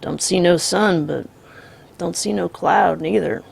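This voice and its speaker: Woman putting on a quiet outlaw man, drawling, polite, menacing, low gravelly voice. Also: measured pace, heavily acted. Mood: calm menace. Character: soft-spoken, menacing male outlaw, calm and polite.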